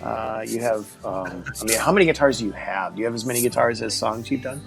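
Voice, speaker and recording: A man's voice: on the low side, quick pace, gravelly, music in the background, poor audio. A man hosting a casual interview, enthusiastic and a little rambling. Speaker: host. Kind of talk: casual video-call interview.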